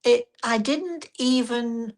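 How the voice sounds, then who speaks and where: An older woman, a spiritual medium and host, telling a story in a gentle, rambling way with frequent restarts. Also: fairly high pitch, slow. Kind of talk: casual storytelling talk.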